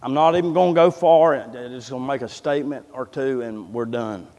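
A man's voice: medium pitch, a little fast, darkish tone. A man preaching a sermon, impassioned and folksy, often repeating words as he builds up. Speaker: pastor. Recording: long reverb of a large hall.

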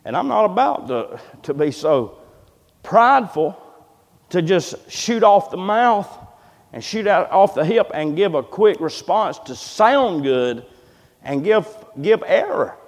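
A fervent pastor preaches slowly in a high voice that swings widely in pitch, climbing to loud, emphatic cries and sinking into low, quiet asides. The sermon echoes through a church sanctuary with long reverb.

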